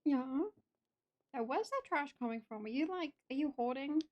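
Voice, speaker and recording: A woman's voice: sits high, expressive, normal speed, highs cut off. A young woman chatting casually in a roleplay game, full of "like" and slang. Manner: chatty, peppered with "like" and "sick". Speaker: streamer playing her roleplay character.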